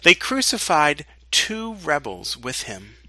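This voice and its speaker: A pastor reading a scripture passage aloud in a slow, deliberate way. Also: male voice, on the high side, sing-song, bright, forceful tone, dry recording. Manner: slow and deliberate reading, with dramatic quoted lines.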